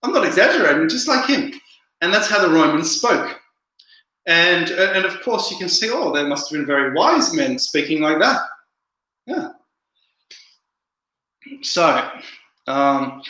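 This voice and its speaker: Male livestream host, rambling chat with viewer questions, bright, slightly high voice, heavy room echo. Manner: rambling, repeats words, answers viewer comments. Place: indoor room, home livestream. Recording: very echoey room.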